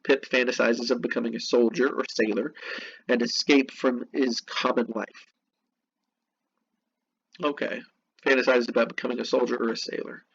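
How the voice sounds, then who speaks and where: A man talks through lesson notes in an easygoing way, breaking off for offhand asides between the reading. His voice sits at an ordinary middle pitch. The recording sounds dull and lo-fi, with a faint hiss behind it. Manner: casual, chatty asides. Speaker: teacher. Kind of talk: reading notes and explaining a novel.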